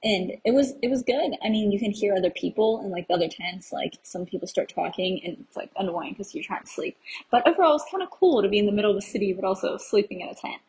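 A young American woman talks through her trip in a casual, rambling way, at a medium pitch. She laughs at her own slips and drifts between stories. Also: expressive, fast talker, a little mellow, rough recording. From USA. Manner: chatty and rambling, laughing at herself. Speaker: travel podcast host. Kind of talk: casual travel recap.

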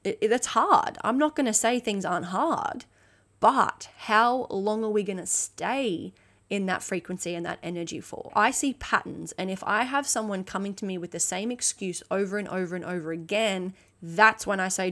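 A woman's voice: medium pitch, moderate pace, a bit bright. Blunt, emphatic woman coach talking. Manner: emphatic and blunt, swears freely, keeps checking in with "okay?". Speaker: fitness and mindset coach. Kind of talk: motivational solo podcast monologue.

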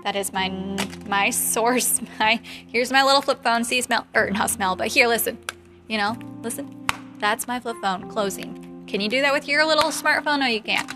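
Young woman, late 20s, fairly high voice, heated casual chat, music bed underneath. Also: normal speed. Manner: animated, heated, laughs often. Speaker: photographer.

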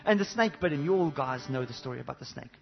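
A man preaching a sermon to a congregation, animated, swinging between loud exclamations and low intimate asides, with many rhetorical questions. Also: fast, gravelly, highs cut off, soft background music. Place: church service before a congregation.

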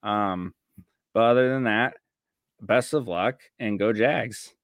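A man co-hosting a fantasy football podcast, chatting casually and joking with animated outbursts. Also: lowish voice, takes it slowly, no room sound, clean studio sound. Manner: animated, jokey. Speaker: podcast co-host. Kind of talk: casual chat.

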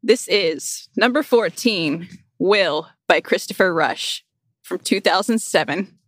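A woman co-hosting a casual chat podcast, laid-back and quick to laugh. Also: fairly low pitch, animated, a bit bright, dry recording. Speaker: podcast co-host.

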